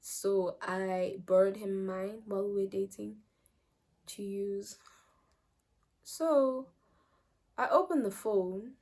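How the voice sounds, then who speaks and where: A young South African woman tells a story to her channel in an animated, chatty way. Her voice sits at a middle pitch, jumps up loud for emphasis and drops to near-whispers as she trails off. She drops local phrases into her talk with ease. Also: slow, long pauses. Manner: animated, mixes in Zulu phrases, loud bursts then trails off quietly. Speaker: vlogger. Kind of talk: casual storytime.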